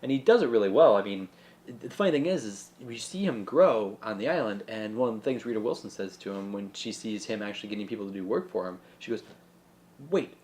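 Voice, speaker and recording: A man co-hosting a podcast, chatting casually and joking about a movie in a rambling, expressive way. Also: on the low side, quick pace. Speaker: podcast co-host.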